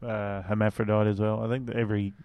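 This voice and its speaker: A man's voice: fairly low pitch, level tone, fast, dry recording, highs cut off. Man, breakfast radio host, joking chatty banter, dry close studio sound. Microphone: studio microphone.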